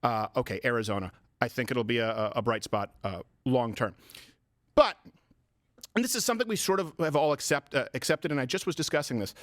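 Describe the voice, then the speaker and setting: A man's voice: mid-range voice, brisk, dry recording, studio quality. An American man, a comedian hosting a live stream, chatting and joking in a rambling way with many restarts. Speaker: comedian and show host. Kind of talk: casual political chat on a live stream.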